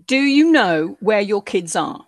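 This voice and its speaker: A woman's voice: medium pitch, big pitch swings, measured pace, no echo. A woman asking pointed questions on an online group call. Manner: probing, questioning.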